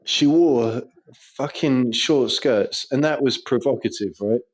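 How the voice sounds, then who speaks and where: An Englishman with a crude, sweary manner co-hosts a podcast, telling school stories amid casual banter and laughing through them. His voice is medium-pitched and his pace slow.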